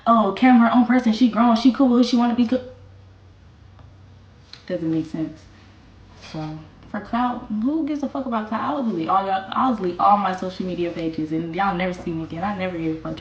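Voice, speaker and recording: A woman's voice: medium pitch, highs cut off, a little hiss or hum. A young woman streamer, ranting bluntly and defiantly, swearing and repeating herself. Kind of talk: livestream rant. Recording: echoey room with faint music.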